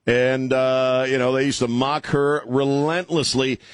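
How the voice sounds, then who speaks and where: A man's voice: mid-range voice, little pitch movement, unhurried, no room sound. A man hosting an opinionated political talk show, sarcastic and mocking, rambling with many fillers.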